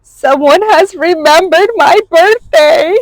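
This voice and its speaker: A woman's voice: on the high side, a little slow, darkish tone, no echo, voice pushed up, natural voice, poor audio. A woman voicing an old male storybook dragon who talks in a sobbing, exclaiming way. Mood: overjoyed. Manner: sobbing, then overjoyed and exclaiming.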